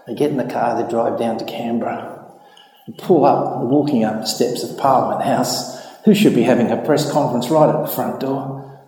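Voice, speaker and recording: A man's voice: brisk, warm tone. Man telling a joke in an echoey hall. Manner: storytelling, jumps high for quoted voices. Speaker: speaker. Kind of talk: public talk with a joke.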